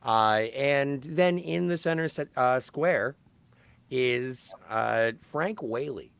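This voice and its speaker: A man's voice: medium pitch, slow, vocal fry, smooth, no room sound. A man co-hosting a podcast, recapping a film in casual chat and often correcting himself mid-sentence. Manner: animated, self-correcting storyteller. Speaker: podcast co-host.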